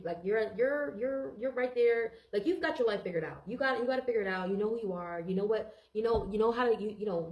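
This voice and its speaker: Congested woman tarot reader; rapid, rambling, filler-heavy delivery in a roomy space. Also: fairly low pitch, darkish tone. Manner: rambling, repeats phrases, frequent "okay?" and "like". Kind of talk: casual tarot reading.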